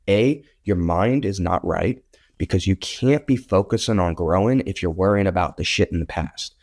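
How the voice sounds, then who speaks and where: A man in his thirties, a guest on an interview show, telling his story in a blunt, animated way and swearing now and then. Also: low voice, moderate pace. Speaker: podcast guest, real estate photographer.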